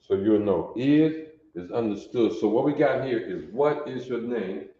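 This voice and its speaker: A man's voice: medium pitch, expressive, measured pace, warm tone. A man teaching a classroom language lesson, repeating phrases and quizzing his listeners as he goes. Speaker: language instructor. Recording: echoey room, dull lo-fi sound.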